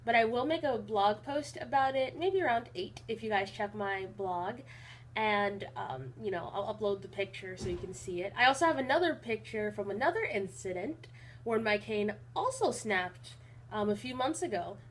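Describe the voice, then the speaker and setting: A young woman talking casually in a rambling vlog, with an even, not very emotional delivery and lots of fillers. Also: mid-range voice, moderate pace, a little hiss or hum. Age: young adult. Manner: rambling with many fillers and restarts. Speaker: college vlogger.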